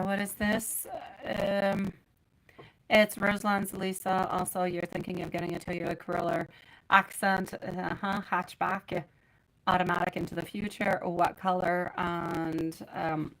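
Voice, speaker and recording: A woman with a mid-range voice gives live tarot readings over poor audio, chatting affectionately and calling viewers "sweetie" and "my love." She reads out viewers' names and questions as she goes.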